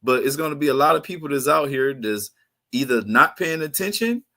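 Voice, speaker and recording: A man hosting a live online class, chatting casually in a slangy, excitable way. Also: medium pitch, a little fast. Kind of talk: casual chat.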